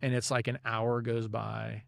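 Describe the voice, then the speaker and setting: Gravelly-voiced man telling a story. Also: mid-range voice, flat delivery, measured pace, dry recording, studio quality. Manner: loose and conversational, full of "you know" and "like"; religious, speaks of God and prayer. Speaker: author and podcast guest. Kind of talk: storytelling in a casual interview.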